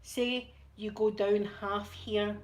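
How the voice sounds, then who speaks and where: A woman's voice: mid-range voice, level tone, takes it slowly. Rambling chatty Scottish woman. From Scotland. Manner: rambling, stammering restarts, chatty and candid. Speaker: channel host. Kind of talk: casual storytelling to viewers.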